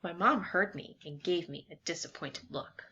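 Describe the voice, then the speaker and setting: A woman teacher reading a picture book aloud to young students, expressive and animated. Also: lowish voice, moderate pace. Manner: warm, expressive, animated storytelling. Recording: slightly dull lo-fi with faint hiss.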